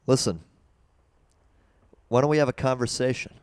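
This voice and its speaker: A man's voice: medium pitch, moderate pace, no echo. A man hosting a live call-in stream, teasing a caller with dry sarcasm. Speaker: livestream host taking calls.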